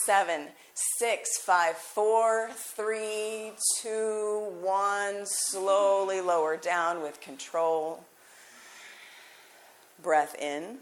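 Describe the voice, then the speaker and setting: Woman yoga teacher, live studio class, unhurried lower voice, faint room noise. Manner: calm, encouraging instructions.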